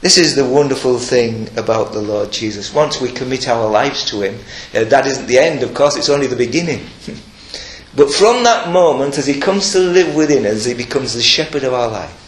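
A man's voice: mid-range voice, expressive, normal speed, echoey room, slight background noise. An older man preaching a sermon, earnest and emphatic, mixing scripture with personal stories.

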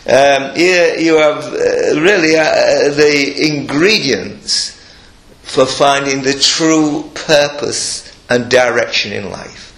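An older man preaching a sermon, earnest and emphatic, breaking into soft chuckles and restarting his sentences. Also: fairly high pitch. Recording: echoey room.

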